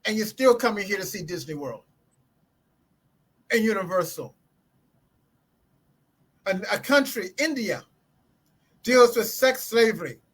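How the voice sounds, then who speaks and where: Emphatic older male guest with a high-pitched voice, passionate lecturing tone. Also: expressive, unhurried, long pauses, fairly bright tone. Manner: emphatic, preachy, repeats himself. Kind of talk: impassioned commentary.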